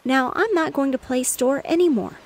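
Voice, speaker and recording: A woman's voice: high voice, normal speed, a little mellow, slight background noise, voice pushed up. A woman voicing an earnest, bossy little boy pretending to run a grocery store in a storybook. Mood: indignant.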